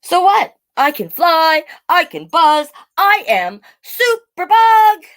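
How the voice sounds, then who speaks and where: A woman voicing a small, excited little girl playing superhero in a read-aloud storybook. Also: slow, heavily acted. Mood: proud. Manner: high, bouncy, exclaiming.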